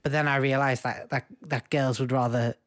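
A man's voice: mid-range voice, level tone, normal speed. A young man co-hosting a casual podcast, talking in an enthusiastic, jokey, rambling way on a home mic over a video call. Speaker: podcast co-host. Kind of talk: casual chat.

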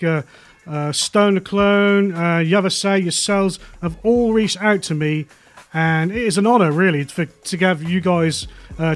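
A chatty British man hosting a radio show speaks in a high voice. His tone is friendly and jokey. He talks easily with his guest and keeps things light. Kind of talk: casual on-air chat.

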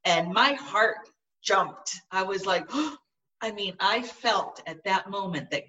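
A middle-aged woman recounts a personal experience in an earnest, halting way, circling back and restarting her phrases. Her tone is bright and sharp. She sits a little away from the microphone. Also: mid-range voice, distant mic, lo-fi sound. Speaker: guest. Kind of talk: personal storytelling in conversation.

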